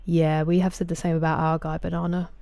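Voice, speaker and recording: Low, mellow Sussex woman streaming. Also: level tone, fairly quick, creaky, dry recording. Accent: Sussex English. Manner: chatty, greets viewers by name. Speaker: game streamer. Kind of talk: casual live-stream chat.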